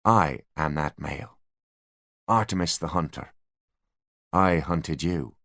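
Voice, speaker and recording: A man voicing a calm, calculating teenage boy genius with a smug, measured delivery in an audiobook. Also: very deep voice, vocal fry, dry recording, clean studio sound, heavily acted.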